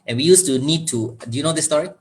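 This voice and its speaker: A man hosting a casual online talk show, telling an animated, self-deprecating story on a video call. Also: a little high, fast talker. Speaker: host.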